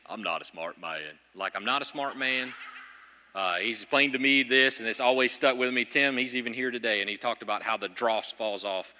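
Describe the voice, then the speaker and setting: A man preaching a sermon as pastor, animated, swinging from loud and high to low and quiet. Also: fairly quick. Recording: long hall reverb.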